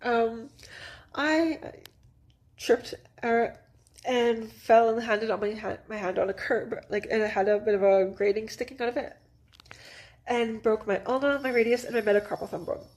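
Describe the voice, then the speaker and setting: Her slightly high voice holds a steady tone and a somewhat mellow quality at a normal speed. This thirties-aged vlogger from northern Manitoba, Canada, rambles through a personal story, saying "like" a lot, restarting often, and laughing nervously.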